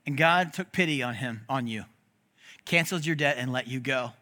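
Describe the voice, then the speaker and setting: A man preaching a sermon as pastor, talking in an animated, conversational way with joking asides to the congregation. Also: mid-range voice, moderate pace.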